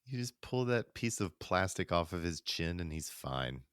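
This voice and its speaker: A man's voice: low-pitched, very animated, moderate pace, a bit bright, clean tone, no echo, studio quality. A man co-hosting a podcast, casually recapping an old comedy episode step by step in an easygoing way and laughing along. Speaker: podcast co-host.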